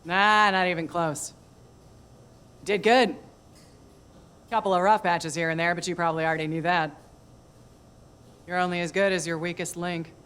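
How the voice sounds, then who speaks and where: A woman's voice: fairly low pitch, fairly even intonation, moderate pace, pauses often, a bit bright, smooth, natural voice. An actress voicing a blunt, no-nonsense female dinosaur who runs a stage, speaking curtly and dryly. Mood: gruff. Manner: curt, dry, no-nonsense. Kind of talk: video game voice acting.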